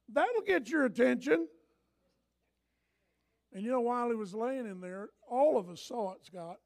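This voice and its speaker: Older male pastor, high gravelly voice, storytelling sermon that swings from soft to loud. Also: animated, normal speed.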